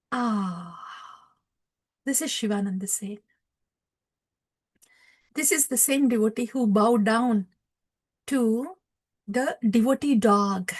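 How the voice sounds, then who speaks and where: A woman's voice: a little high, animated, slow, pauses often. Woman telling a devotional story. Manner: hesitant, many fillers, warm laughs. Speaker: devotional speaker.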